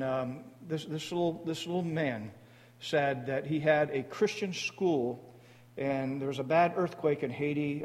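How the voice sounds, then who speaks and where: A man speaking to a church congregation about his mission board, halting often with fillers and restarts. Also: a little high, darkish tone. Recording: long hall reverb.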